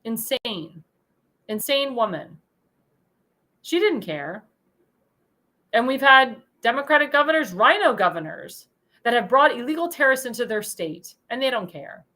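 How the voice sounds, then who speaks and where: A woman's voice: fairly high pitch, big pitch swings, a little slow, pauses often, pushed and bright. A woman hosting a political commentary show, speaking in an indignant, emphatic way and repeating phrases for emphasis. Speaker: host.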